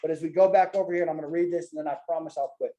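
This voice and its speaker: A man leads a Bible study in a loose, folksy manner, talking to his class in a slightly raised, mellow voice. He keeps tagging his sentences with "man" and "right?", and his voice rings out in a roomy meeting room. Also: a little high, steady tone, very fast, slight background noise. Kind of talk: casual teaching with personal stories. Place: church classroom with a group.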